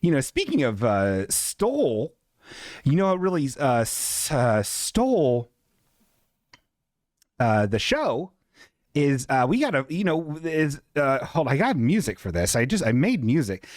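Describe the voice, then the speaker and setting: A man's voice: a little high, very animated, moderate pace, no room sound, clean studio sound. A man hosting a casual comedy stream, rambling and self-mocking, with some swearing. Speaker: host.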